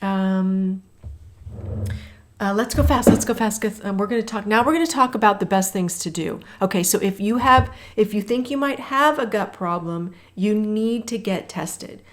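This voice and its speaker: A woman's voice: mid-range voice, moderate pace, hardly any pauses, a little hiss or hum. A woman in her fifties, a health coach hosting a walking workout, chatting and calling out intervals while she walks, a little breathless at times.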